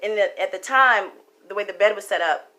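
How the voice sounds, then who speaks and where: Storyteller vlogger: young woman, crisp bright tone, emphatic and casual, swears freely. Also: mid-range voice, a little fast. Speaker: tarot card reader.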